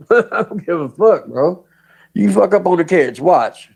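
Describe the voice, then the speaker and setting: A man's voice: sits high, lively intonation, a little slow, gravelly, darkish tone, husky, rough recording. A man hosting a livestream, cursing and mocking people, taunting them with questions and laughing often. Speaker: livestream host. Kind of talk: profane livestream rant.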